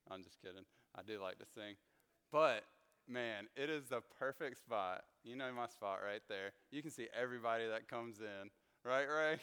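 A man leading a Bible study, telling stories in a chatty, animated way with many fillers. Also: mid-range voice, smooth. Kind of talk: casual storytelling Bible study talk. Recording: long hall reverb.

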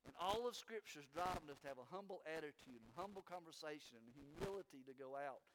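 A middle-aged male pastor, preaching in a folksy, animated storytelling way with frequent restarts. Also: high voice, heavy background noise. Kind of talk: sermon.

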